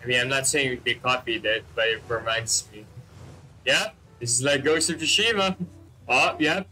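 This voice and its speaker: A man giving excitable let's-play commentary, swearing constantly and joking about the characters on screen. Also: medium pitch, moderate pace, slight background noise, low-quality recording. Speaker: gameplay commentator.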